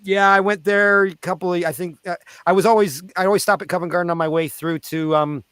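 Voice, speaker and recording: A man from Canada tells raucous stories from his years as a street performer, jumping into loud put-on voices for hecklers. His voice sits a touch high, and the recording is close and dry. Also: quick pace, clean tone, dry recording. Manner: animated, shouting out the voices of crowd members. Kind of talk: storytelling in a casual interview.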